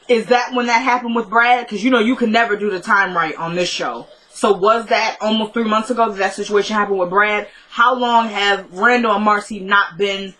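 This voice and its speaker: A woman with a bright, forward voice talks through a TV episode in a loose, casual recap. She sprinkles in "like" constantly and gives candid, opinionated asides. Her pitch sits in an ordinary middle range. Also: low-quality recording. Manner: chatty, fillers like "like" and "he goes". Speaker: TV show recapper.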